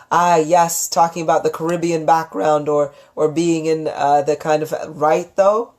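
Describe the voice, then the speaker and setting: A woman hosting a live psychic stream, talking in a calm, gentle, affectionate way as she counsels viewers on relationships and reads out their comments. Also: low-pitched, unhurried, few pauses. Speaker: psychic reader and channel host.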